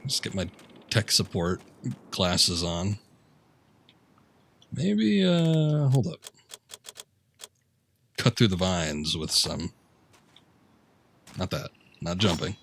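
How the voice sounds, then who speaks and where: A man's voice: low-pitched, very animated, very slow, gravelly, long pauses, a bit bright, a little hiss or hum. A man streaming a video game, giving laid-back, jokey commentary and laughing often. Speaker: gaming streamer. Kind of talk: casual let's-play commentary. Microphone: headphones and desk mic.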